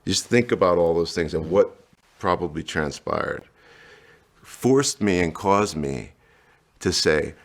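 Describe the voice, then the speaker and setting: A man's voice: sits low, animated, slow pace, pauses often. A middle-aged man from New Jersey, candidly telling his life story in an interview and acting out the lines of people in it. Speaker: guest.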